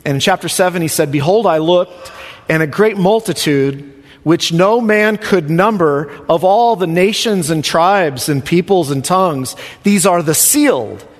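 Male pastor, emphatic sermon delivery, soft-to-loud swings, slightly high voice, reverberant sanctuary. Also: unhurried.

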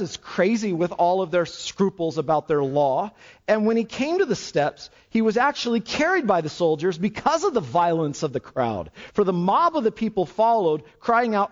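A man preaching a sermon, swinging between loud exclamations and hushed low passages. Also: highs cut off. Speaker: pastor.

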